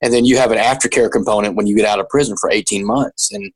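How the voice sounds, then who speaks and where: A man, a guest in an interview, telling his story earnestly and haltingly with many restarts. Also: lowish voice, slightly rough, rough recording.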